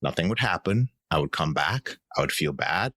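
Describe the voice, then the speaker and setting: Deep-voiced man telling his story. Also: big pitch swings, normal speed, pushed and bright, dry recording. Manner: earnest, reflective, acts out quoted voices. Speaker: podcast guest. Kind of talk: candid personal storytelling.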